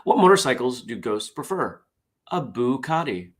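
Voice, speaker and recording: A man's voice: medium pitch, very animated, moderate pace. A tired man hosting a casual morning show, reading jokes aloud in a wry, self-deprecating way. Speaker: host.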